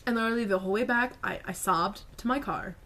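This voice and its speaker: Woman vlogger, slightly high voice, casual animated storyteller with heavy filler words. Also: fast talker.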